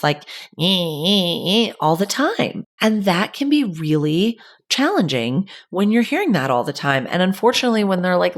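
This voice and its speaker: A young adult woman hosting a casual parenting advice talk, chatty and full of "like" asides. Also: low-pitched. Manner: chatty, lots of "like", animated asides. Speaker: podcast host.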